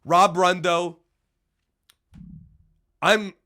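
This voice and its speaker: A man giving heated, profane reaction commentary, dropping to low mutters and then shouting, stammering over his words when worked up. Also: steady tone, very slow. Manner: stammering restarts when agitated. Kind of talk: angry ranting commentary.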